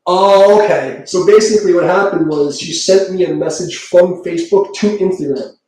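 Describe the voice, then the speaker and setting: A man rambles through a casual live-stream chat, swearing freely and laughing between thoughts. His voice is mellow and a bit high for a man. It rings in a very echoey room, picked up from a good distance away from the mic. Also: normal speed. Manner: rambling, profane, laughs often. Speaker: tarot reader streaming live.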